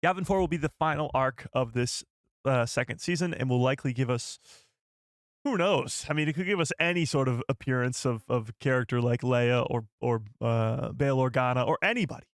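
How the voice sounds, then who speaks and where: A man hosting a live stream and reacting to a trailer, excitable and incredulous, talking straight to his chat. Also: medium pitch, brisk, dry recording, clean studio sound.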